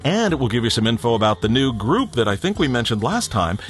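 A man's voice: mid-range voice, sing-song, fast, faint music behind. A man hosting a podcast, chatting casually and reading out announcements in a rambling, self-deprecating way. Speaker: podcast host.

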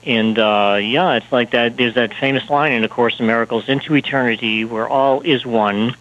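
A male author talking in an interview, halting and full of fillers and restarts. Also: medium pitch, fairly even intonation, fairly bright tone, highs cut off. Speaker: author and speaker, guest. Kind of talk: interview talk.

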